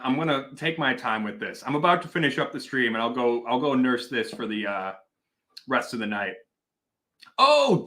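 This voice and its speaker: Lively, bright-voiced man from Wisconsin. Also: fairly high pitch. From Wisconsin, Milwaukee area. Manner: animated, chatty, self-deprecating, swears casually. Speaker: whiskey reviewer, livestream host. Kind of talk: casual livestream chat, reading viewer comments.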